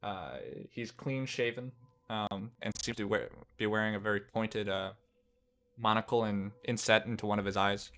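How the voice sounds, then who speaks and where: A man's voice: fairly low pitch, steady tone, moderate pace, a bit bright. A man narrating a tabletop game as game master, rambling with fillers and restarts as he describes scenes.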